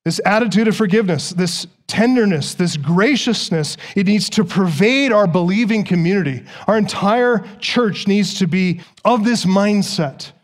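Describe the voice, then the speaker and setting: A man's voice: high-pitched, normal speed, few pauses. A man preaching a sermon as pastor, emphatic and repeating words for stress.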